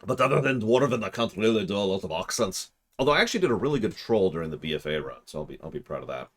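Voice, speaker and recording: A man's voice: fairly low pitch, very animated, very fast. A man streaming a game and chatting with his viewers, rambling as he works through puzzles aloud. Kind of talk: casual livestream commentary.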